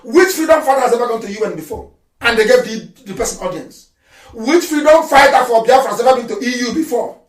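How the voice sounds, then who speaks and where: A man giving an impassioned radio address, shouting, mocking and scolding his listeners. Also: very high-pitched, expressive, fast talker, distant mic. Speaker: political activist broadcaster. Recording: echoey, off-mic radio broadcast.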